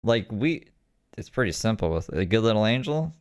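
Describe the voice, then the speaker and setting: A woman's voice: extremely low pitch, very animated, normal speed, a little mellow, dry recording, studio quality. A woman from Canada co-hosting a casual reaction show, wry and laid-back, often puzzled. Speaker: commentary co-host.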